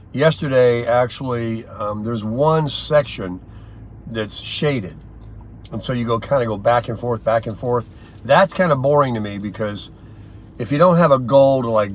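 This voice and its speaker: An older man vlogging from inside a car, telling stories in a rambling, chatty way with lots of pauses and fillers. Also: mid-range voice. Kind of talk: casual daily vlog chat.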